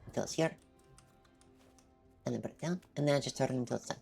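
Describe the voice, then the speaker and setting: A woman streamer in casual live-stream chat, soft-spoken, shy and stammering as she thanks her viewers. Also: a bass voice, fast, gravelly, soft background music.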